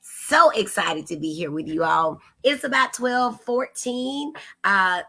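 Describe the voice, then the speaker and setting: A woman's voice: medium pitch, animated, slow, sharp tone. Effusive woman hosting a livestream. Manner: effusive, greets viewers by name, calls them honey and girl. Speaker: livestream host. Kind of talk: casual livestream greeting viewers.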